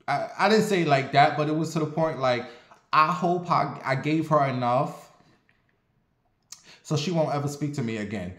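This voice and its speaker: This vlogger is a man in his forties whose fairly high voice moves at a normal speed through a casual storytelling monologue. He comes across as blunt, sassy, profane and animated, and the recording has a roomy echo.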